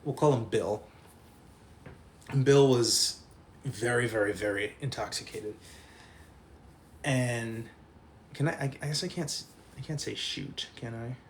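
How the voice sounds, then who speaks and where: A young man telling a long college story to a live stream chat, animated and profane, laughing as he goes. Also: mid-range voice, measured pace, pauses often, a little hiss or hum.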